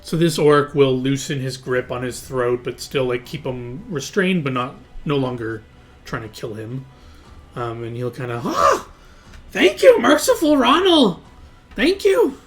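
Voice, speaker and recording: A man's voice: mid-range voice, moderate pace, soft background music. A man running a tabletop game as game master, narrating casually with lots of fillers. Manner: casual, loose, full of fillers and hedges.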